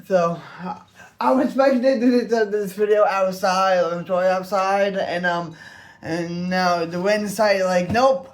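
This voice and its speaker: Slow, high-voiced earnest man. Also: steady tone. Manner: halting, searching for words, earnest. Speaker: vlogger. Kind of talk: personal reflective vlog.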